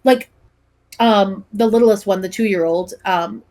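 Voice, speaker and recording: A young woman co-hosting a casual podcast, telling stories in an animated way, full of "like" and "um". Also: mid-range voice, fairly quick. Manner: animated storyteller, many "like" and "um" fillers. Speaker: podcast co-host. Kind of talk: casual chat.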